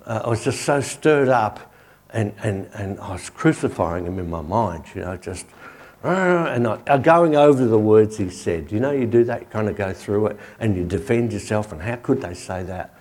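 A man with a somewhat low voice preaches a sermon, then moves into a spoken prayer. He tells it like a story, loose and conversational, with many "you know"s. He speaks while down on his knees. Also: expressive, normal speed, darkish tone. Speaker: pastor.

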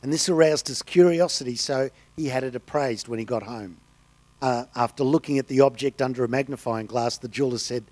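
A man's voice: medium pitch, a little fast, darkish tone, no room sound. A man preaching a sermon, telling stories and delivering quotes with emphasis. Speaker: pastor.

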